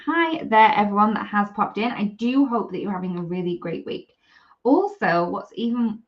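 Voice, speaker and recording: A woman's voice: mid-range voice, muffled recording. A woman demonstrating craft products on a live stream, chatty and apologetic as she works. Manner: chatty, apologetic, talks while working.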